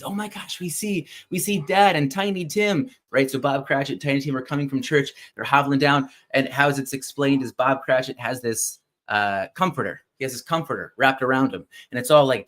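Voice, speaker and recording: Man, podcast host, animated, conversational, retelling a story, frequent fillers. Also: mid-range voice, fairly quick, few pauses. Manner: animated, keeps checking in with listeners with "right?"; thinks aloud with fillers and restarts. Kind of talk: casual retelling of a classic story.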